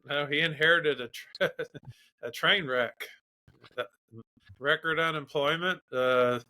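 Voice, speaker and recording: A man's voice: on the high side, slow, sharp tone. A man co-hosting a political podcast who keeps cutting in on his partner and laughs off his arguments. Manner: interjecting, laughs at his opponent. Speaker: podcast co-host. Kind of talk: heated political debate.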